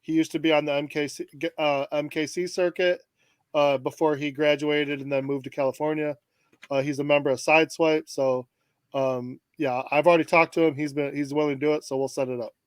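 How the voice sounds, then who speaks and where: A man's voice: on the high side, steady tone, a little fast, smooth, no room sound. A man co-hosting a casual podcast, emphatic and using fillers like "um" and "you know". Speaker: podcast co-host. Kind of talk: casual chat.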